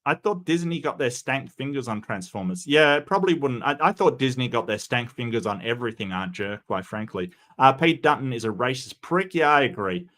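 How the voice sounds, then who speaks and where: A man's voice: medium pitch, expressive, brisk, few pauses, a bit bright. A man talks loosely on a livestream, answering his chat as he goes. He rambles through fillers and false starts, with plenty of strong opinions along the way. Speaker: streamer reading chat.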